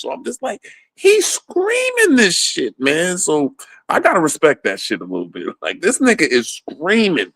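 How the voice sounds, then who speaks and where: A man's voice: high voice, wildly swooping pitch, normal speed, dry recording. A man ranting casually about politics, swearing a lot and laughing often between points. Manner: profane, rambling, laughs often.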